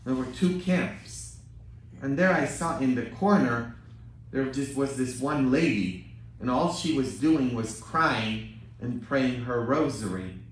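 A priest from Poland, preaching a sermon as a story and often turning to the congregation with a questioning "hmm?". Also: male voice, medium pitch, slow. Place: large church. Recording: very echoey church from a distant mic.

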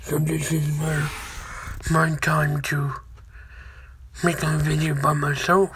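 A woman hosting her own channel in casual video chat, talking in halting, stop-start phrases. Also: low voice, completely flat delivery, noisy background. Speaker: channel host.

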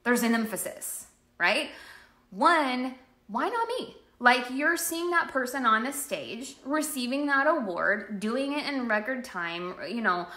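Woman, livestream coach, bright and bubbly, echoey room. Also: a little high, a little slow. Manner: animated, chatty, acts out inner voices. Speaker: network marketing coach. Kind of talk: live-streamed motivational talk.

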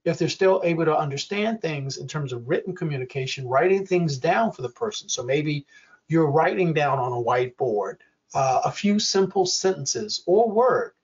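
An older man leads a workshop, speaking slowly and deliberately in a somewhat high voice. He breaks into little acted quotes to show his points. The audio is dull and lo-fi. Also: animated, recorded from a distance. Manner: slow, deliberate, acts out quoted examples. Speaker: workshop presenter. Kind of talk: educational workshop talk.

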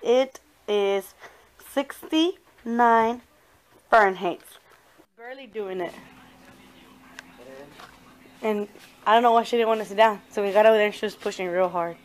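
In a casual home vlog shot on a handheld phone, a young mother chats with viewers alongside her daughter, indoors and outside in the rain. She speaks unhurriedly in a mid-range voice with long pauses, mixing English and Spanish, with a little hiss or hum audible.

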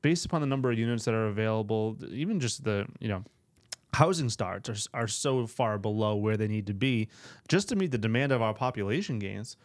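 A man's voice: on the low side, lively intonation, fairly quick, dry recording. A man co-hosting a casual podcast as a real estate agent, chatty and teasing. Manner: teasing, chatty, restarts often. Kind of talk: casual chat.

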